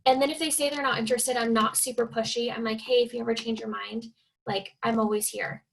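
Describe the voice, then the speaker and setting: A young woman from Oregon talks casually on a team video call, her fairly high voice carrying a gravelly, creaky edge. She is chatty and leans on fillers, and she keeps slipping into little impressions of the people she quotes. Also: fairly even intonation, fairly quick, rough recording. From Oregon, USA. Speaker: guest speaker, fitness coach.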